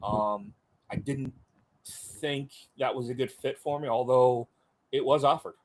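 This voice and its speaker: A man's voice: medium pitch, fairly even intonation, unhurried, background noise. Veteran guest, middle-aged man, chatty and rambling, plain everyday voice. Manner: rambling, many fillers, voices others in quotes. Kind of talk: casual storytelling in an interview.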